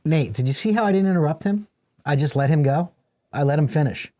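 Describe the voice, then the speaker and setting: A man's voice: a little high, expressive, fast talker, dark tone, slight background noise. A man co-hosting a casual beer-tasting podcast, wry and needling, mock-complaining about his partner. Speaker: podcast co-host.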